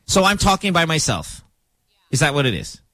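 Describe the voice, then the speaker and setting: This is a man behind a studio microphone, running a morning radio show. His voice sits a touch high and swings widely as he jokes and plays things up dramatically. The sound is close and dry, with no room around it. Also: normal speed, dry recording. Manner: animated, joking, playfully dramatic. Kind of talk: casual radio chat.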